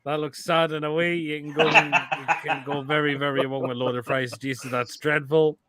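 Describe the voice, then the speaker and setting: A man's voice: fairly high pitch, flat delivery, moderate pace, very noisy. A man, hosting a casual live stream and giving crude, blunt verdicts on viewers' food photos between laughs.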